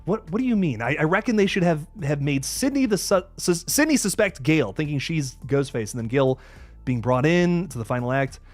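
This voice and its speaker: A man's voice: fairly high pitch, expressive, brisk, dry recording. A young man hosting a live movie review stream, frustrated and rambling, stammering through restarts and swearing as he reads out donations.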